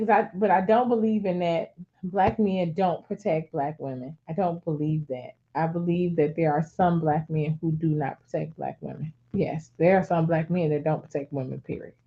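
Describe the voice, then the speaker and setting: A middle-aged woman in casual chat, telling a family story with lively acted-out voices. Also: on the low side, normal speed. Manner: animated storyteller acting out voices. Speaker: talk show co-host. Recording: dull lo-fi sound.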